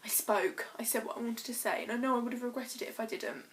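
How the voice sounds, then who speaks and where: A woman's voice: a little high, steady tone. Choked-up teenage girl vlogging. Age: teens. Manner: emotional, halting, earnest. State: choked up, tearful. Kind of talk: personal confessional vlog.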